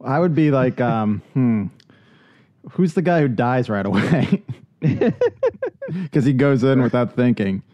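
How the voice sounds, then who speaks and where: A man's voice: medium pitch, animated, measured pace, pauses often, warm tone, no room sound, lo-fi sound. A man co-hosting a podcast in casual chat, joking around and laughing often. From Philadelphia area. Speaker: podcast co-host.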